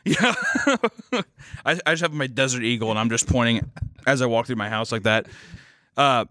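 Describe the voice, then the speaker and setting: Guy on a podcast telling a crazy neighbor story, bright lively voice, swears a lot, dry close sound. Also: medium pitch, normal speed, no echo. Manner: animated, swearing, acts out voices in stories. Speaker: podcast co-host. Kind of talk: casual storytelling chat. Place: studio.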